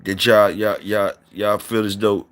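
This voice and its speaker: A man's voice: lowish voice, level tone, measured pace, fairly bright tone. A man hosting a casual livestream, reading out viewer comments and saluting people in a loose, repetitive drawl.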